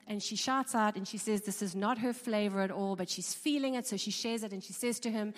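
A woman's voice: medium pitch, steady tone, fast talker, few pauses. A woman giving an informal talk to a live audience, conversational and chatty, with frequent ums and repeated words. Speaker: speaker. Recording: long reverb of a large hall.

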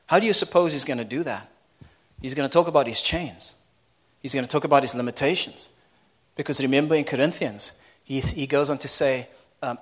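A man preaching a sermon in an animated, conversational way, often laughing and asking the crowd questions. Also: mid-range voice, fairly quick, pauses often, husky.

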